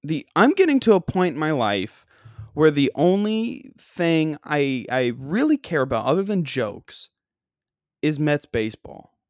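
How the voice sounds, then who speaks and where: A man's voice: on the high side, very animated, unhurried, no echo, clean studio sound. A man from Long Island, rambling casually through a funny story with lots of fillers and self-deprecating asides. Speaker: comedian podcast host.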